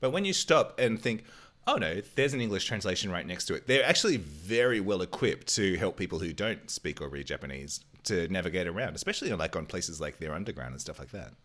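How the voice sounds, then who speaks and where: Low-voiced man, lively wry co-host. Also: a little fast. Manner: wry, teasing, laughs at himself. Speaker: podcast co-host. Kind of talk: casual chat.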